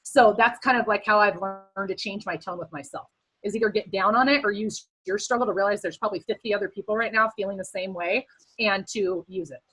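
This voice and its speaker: A woman's voice: medium pitch, fairly quick, fairly bright tone, husky, rough recording. A woman speaking casually and earnestly on a team video call, giving encouraging advice with many fillers and at times close to tears.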